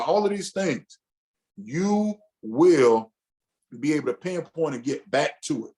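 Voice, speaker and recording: A man with a fairly high voice leads a men's group through a lesson in an easygoing, conversational way. He talks loosely, restarts sentences often, and acts out the inner thoughts a husband might have. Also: very animated, slow pace, darkish tone. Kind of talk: casual teaching session.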